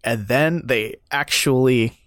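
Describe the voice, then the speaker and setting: Excitable man chatting about a game. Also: medium pitch, slow pace, dry recording, studio quality. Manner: excitable, laughs often, swears casually. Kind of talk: casual game discussion.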